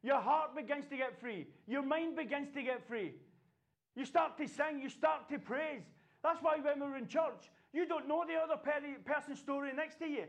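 A man's voice: very high voice, normal speed, vocal fry. A man preaching a sermon, passionate and exhorting, breaking into laughter now and then.

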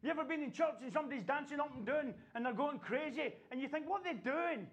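A man's voice: very high voice, animated, fast, a bit bright, lo-fi sound. A man preaching a sermon, passionate and exhorting, breaking into laughter now and then.

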